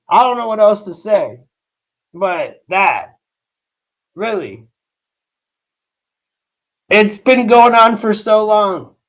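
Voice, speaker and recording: A man's voice: high-pitched, fairly bright tone. A man hosting a live stream, talking casually and bluntly to his chat in rambling, profane rants. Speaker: livestream host reacting to news.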